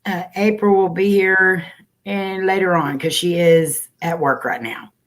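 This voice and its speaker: A woman's voice: fairly low pitch, unhurried. A woman hosting a casual livestream, chatting and greeting viewers by name over a computer mic. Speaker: livestream host.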